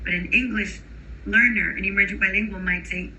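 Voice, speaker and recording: A woman giving a recorded lecture to teachers. She explains clearly, models sounds aloud, and checks in with rhetorical questions. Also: medium pitch, fairly even intonation, brisk, sharp tone, highs cut off, a little hiss or hum. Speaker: instructor for teachers of bilingual children.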